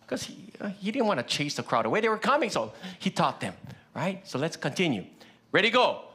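A male pastor preaches in a slightly high, animated voice that jumps around in pitch. He keeps it conversational, checking in with the congregation with repeated questions, and his first language is Pidgin. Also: brisk. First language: Hawaiian Pidgin. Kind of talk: sermon.

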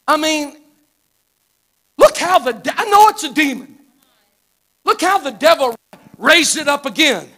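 A guest preacher in his fifties from Arkansas, with a Southern American accent, delivers a live sermon in a church sanctuary. His very high-pitched, sharp voice is animated, at a measured pace with frequent pauses, and his manner is fervent, folksy storytelling.

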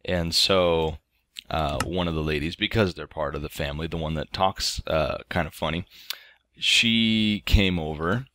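A man's voice: sits low, measured pace, bright, forceful tone, dry recording. A man in his thirties hosting a game playthrough, telling a casual story with lots of ums and restarts. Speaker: let's play host. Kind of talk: casual storytelling over gameplay.

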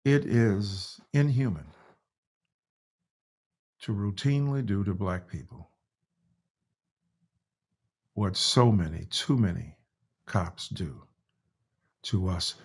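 A husky American man with a fairly low, darkish voice reads aloud in a virtual talk over video call, speaking slowly with long pauses. He is a guest author, and his reading is impassioned and emphatic, broken up by moments where he stops to apologize.

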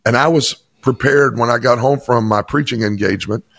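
A man's voice: medium pitch, a little fast, gravelly, fairly bright tone, no echo. A pastor from Chattanooga, a man, telling an emphatic personal testimony in an interview. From Chattanooga, Tennessee. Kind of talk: interview storytelling.

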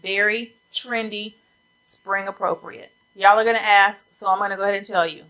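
A woman's voice: mid-range voice, fairly even intonation, normal speed, bright, forceful tone, low-quality recording. Chatty woman showing coats. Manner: chatty, addresses viewers as y'all. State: slightly out of breath. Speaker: fashion vlogger. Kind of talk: casual try-on haul chat. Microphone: camera mic facing a ring light.

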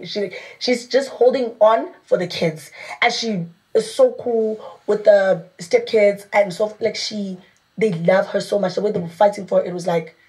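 A woman's voice: medium pitch, measured pace, darkish tone. A woman with a South African accent on a podcast, retelling a story with lots of "like" and acting out what people said. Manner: acts out quoted people, lots of "like". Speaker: podcast co-host.

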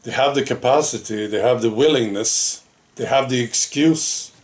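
At a normal speed and medium pitch, a male political vlogger talks casually to the camera, sharing opinions conversationally with lots of rhetorical questions and "right?" asides.

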